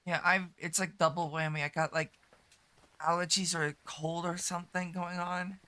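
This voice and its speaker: A woman streaming a game and chatting casually, her voice congested and stuffy with a rough morning voice, talking low-key in loose, trailing phrases. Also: flat delivery, normal speed, pushed and bright. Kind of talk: casual live-stream chat while gaming.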